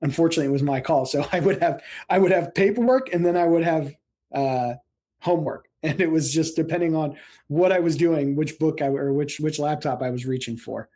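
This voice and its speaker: Mellow-voiced man telling stories. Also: on the high side, brisk. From central Illinois, US. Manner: animated, laughs often, acts out quotes. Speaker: guest, paramedic and screenwriter. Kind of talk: casual storytelling interview.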